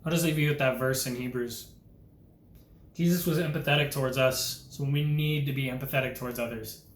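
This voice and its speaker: A man's voice: medium pitch, fairly even intonation, brisk, reverberant. A young man delivering an impassioned, earnest preaching monologue as a Christian vlogger, urgent and full of rhetorical questions.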